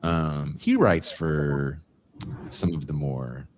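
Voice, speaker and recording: A man hosting a podcast in casual chat, animated and joking, quick to laugh. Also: rumbling low, a little hiss or hum. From United States. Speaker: podcast host.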